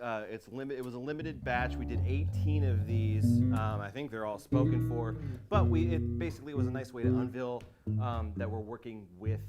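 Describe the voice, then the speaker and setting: An American man showing off basses in a live product demo, excitable and jokey, laughing often. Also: dull audio. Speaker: bass maker representative. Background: bass guitar playing.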